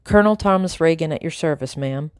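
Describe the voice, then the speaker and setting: A man's voice: fairly high pitch, quick pace, clean tone, no echo, clean studio sound, close to an everyday voice. A woman reading the lines of a tired, formal army colonel, clipped and weary. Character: weary stern army colonel, middle-aged man.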